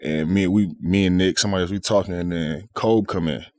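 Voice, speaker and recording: A man's voice: deep voice, fairly even intonation, a little fast, darkish tone, no room sound. A man in his thirties as a podcast guest, telling stories in a laid-back, slangy way and laughing often. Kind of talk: casual chat.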